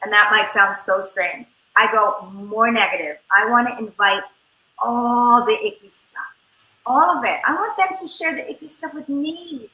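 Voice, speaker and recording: Brief: woman family therapist, high-ish bright voice, animated, echoey room. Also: normal speed. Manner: animated, acts out parent and child voices. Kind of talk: interview advice talk.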